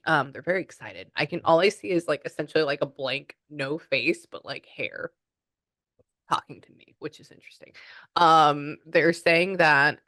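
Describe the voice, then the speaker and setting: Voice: mid-range voice, moderate pace, pushed and bright, no room sound. A psychic medium, chatting through a spirit reading and relaying messages.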